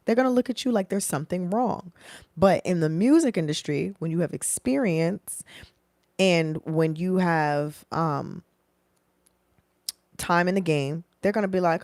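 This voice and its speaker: A woman in her thirties, a professional singer, giving casual, animated career advice to camera. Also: lowish voice, moderate pace, dry recording, studio quality. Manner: animated, acts out dialogue in changed voices.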